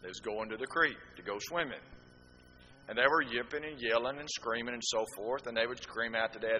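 Folksy preacher in a hall. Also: male voice, medium pitch, brisk, bright, forceful tone, muffled recording, slight background noise. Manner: folksy storytelling, rhetorical asides. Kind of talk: sermon.

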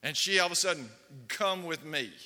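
A man's voice: fairly high pitch, animated, fairly quick, sharp tone. A man preaching a sermon, telling stories and putting questions to his congregation. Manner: storytelling, asks the congregation questions. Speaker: pastor. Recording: long hall reverb.

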